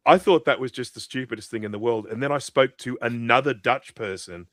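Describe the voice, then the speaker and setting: A man's voice: mid-range voice, fairly quick, fairly bright tone. A man rambling animatedly in a casual livestream chat, full of restarts. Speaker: regular co-host.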